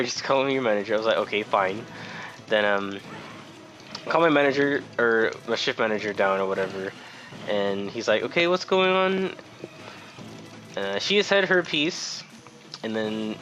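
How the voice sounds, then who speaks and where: A young man talks over his gameplay in a loose, meandering way, cursing often and sounding fed up. His voice sits at an ordinary middle pitch. Faint game music plays underneath. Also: fairly bright tone, muffled recording. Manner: rambling, profane, exasperated. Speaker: gameplay commentator. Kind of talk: casual let's-play storytelling.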